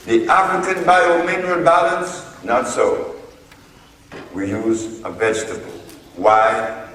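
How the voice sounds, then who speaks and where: A man lectures slowly and emphatically, leaning into each point as he recounts a court case. His voice is picked up from a distance, with heavy echo and a long hall reverb. A faint noise sits underneath the recording. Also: fairly high pitch, fairly even intonation, fairly bright tone. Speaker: herbal healer lecturer.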